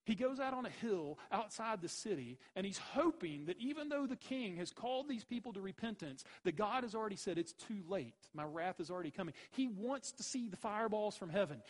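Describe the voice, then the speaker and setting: A man's voice: sits high, lively intonation, brisk, hardly any pauses, low-quality recording. A man preaching a sermon, emphatic, with rhetorical questions and repeated phrases. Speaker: pastor.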